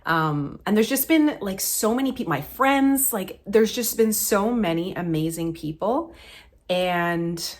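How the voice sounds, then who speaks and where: A woman's voice: mid-range voice, animated, slow pace. A woman in her thirties chatting to camera as a vlogger, heartfelt and close to tears, with many fillers. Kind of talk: casual chat to camera.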